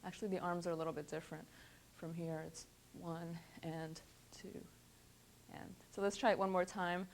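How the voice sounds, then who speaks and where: A woman's voice: on the low side, level tone, moderate pace, a little hiss or hum. A woman dance instructor giving step-by-step directions and calling out the counts in short cues.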